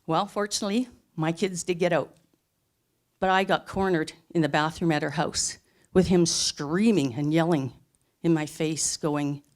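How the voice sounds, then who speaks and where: A woman's voice: deep voice, fairly even intonation, moderate pace, darkish tone. A middle-aged woman telling her own life story in an earnest, emphatic way, building up short phrases one after another. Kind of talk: personal storytelling talk.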